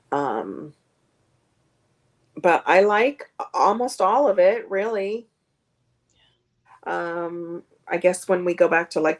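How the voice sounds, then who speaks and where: Low-voiced woman, rambling chat. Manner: rambling, many fillers, searching for names. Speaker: guest comedian. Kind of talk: casual interview chat. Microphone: streamed video call.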